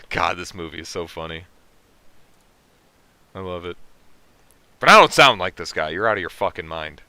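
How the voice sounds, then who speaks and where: A man's voice: low-pitched, lively intonation, normal speed, long pauses, bright, forceful tone, no echo. A man hosting a casual livestream, reading chat comments aloud and answering them with profane jokes. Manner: profane, joking, reacting to chat. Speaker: livestream host.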